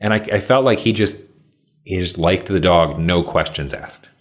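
A man's voice: deep voice, moderate pace. A man hosting a casual conversation, telling reflective, easygoing stories.

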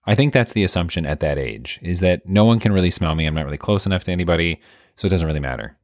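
A man co-hosting a casual chat, candid and reflective, reacting with quick exclamations. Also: low-pitched, expressive, darkish tone, no echo, studio quality.

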